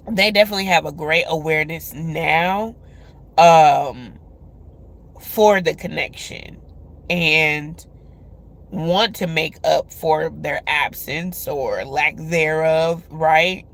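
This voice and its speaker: A woman's voice: sits low, takes it slowly, vocal fry. Woman host for a casual spiritual love reading, chatty, filler-heavy, addresses viewers directly. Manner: chatty, many filler words.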